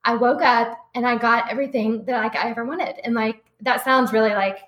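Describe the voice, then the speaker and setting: A woman's voice: on the high side, steady tone, brisk, fairly bright tone. A woman guest in a casual interview, heartfelt and emotional, saying "like" often. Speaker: guest, business owner. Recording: echoey room.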